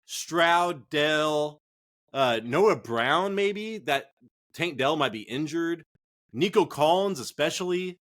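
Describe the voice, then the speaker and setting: A man co-hosts a casual sports chat in a fairly high, lively voice that swings widely in pitch. He rambles, swears freely and gets worked up easily. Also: takes it slowly. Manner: profane, excitable, rambling. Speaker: fantasy football podcast co-host.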